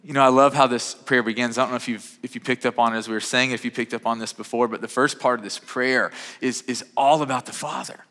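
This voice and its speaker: A man's voice: mid-range voice, fairly even intonation, fast, hardly any pauses, fairly bright tone. A man in his thirties preaching a sermon in a conversational way, often restarting and repeating words. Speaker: pastor. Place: church sanctuary. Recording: reverberant hall.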